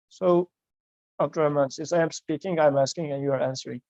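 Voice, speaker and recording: A man teaching a study session, quoting verses and translating them in a measured way. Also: fairly high pitch, fairly even intonation, mellow, dry recording, highs cut off. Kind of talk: explaining scripture to a student.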